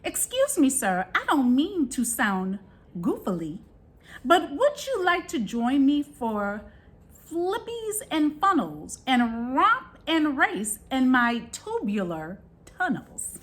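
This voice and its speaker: A polite, eager little prairie dog from a storybook, chirping high and bright, as a woman puts it on. The voice bounces lively up and down. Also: takes it slowly, heavily acted.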